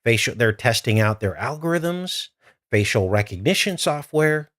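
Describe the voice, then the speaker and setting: A man's voice: medium pitch, lively intonation, normal speed, fairly bright tone, no echo, clean studio sound. A man hosting a live stream, talking straight to his viewers in an urgent, earnest way. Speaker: livestream host.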